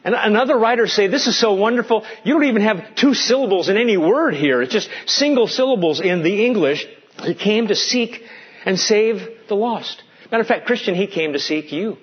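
A man preaching a sermon as pastor, earnest, drawing out key words slowly for weight. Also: sits high, slightly rough, dull audio.

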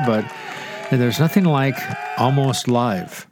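A man's voice: mid-range voice, moderate pace, over music, a crowd in the background. An older man with a nasal, congested voice from inflamed sinuses, teaching the Bible on the radio in a chatty way with joking asides. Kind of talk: conversational radio sermon.

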